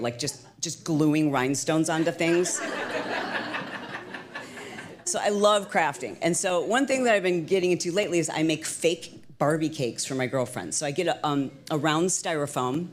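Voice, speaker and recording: A middle-aged woman entrepreneur telling stories as an interview guest, lively and chatty with lots of "like" and restarts. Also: low-pitched, fairly quick, hardly any pauses, a little hiss or hum. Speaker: guest, entrepreneur and fitness instructor. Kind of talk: casual storytelling interview.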